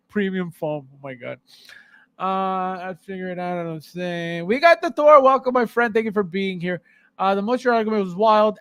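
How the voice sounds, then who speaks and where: High-voiced man ranting sarcastically. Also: a bit bright, no room sound. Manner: repeats phrases in exasperation. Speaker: podcast host. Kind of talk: live stream chat with viewers.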